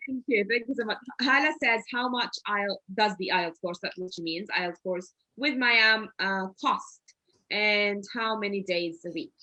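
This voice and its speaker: Female host, bright and chatty, asks questions and reads out viewer comments. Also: medium pitch, moderate pace. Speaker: interviewer, academy host. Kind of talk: casual interview on a live stream.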